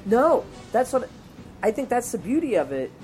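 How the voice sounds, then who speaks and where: A man co-hosting a comedy podcast, talking casually in rambling, animated banter with lots of fillers. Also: very high voice, moderate pace, faint music behind. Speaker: podcast co-host.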